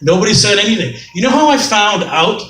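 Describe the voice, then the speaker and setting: A man's voice: high-pitched, big pitch swings, a little fast, sharp tone. Self-mocking middle-aged man doing stand-up. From Canada. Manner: rambling, self-mocking, profane. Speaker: stand-up comedian. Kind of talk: stand-up comedy set. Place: comedy club stage. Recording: echoey club, mic far off, faint noise.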